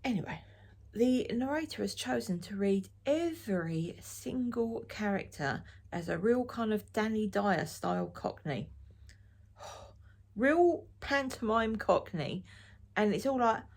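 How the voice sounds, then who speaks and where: A woman's voice: mid-range voice, expressive, measured pace, creaky. A middle-aged woman from Essex, chatting frankly and ramblingly to camera as a knitting vlogger. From Essex, England. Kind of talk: casual chat to camera.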